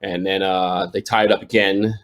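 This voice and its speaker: Low-voiced man rambling through a story. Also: flat delivery, normal speed. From New York. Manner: rambling, many restarts and fillers, laughs often. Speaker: sports photojournalist guest. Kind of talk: casual interview storytelling.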